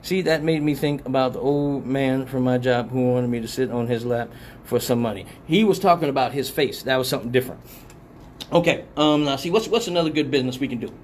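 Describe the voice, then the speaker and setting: A man hosting a live comedic talk show, telling rambling, profane stories in an animated way. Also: medium pitch, fairly quick, a little hiss or hum.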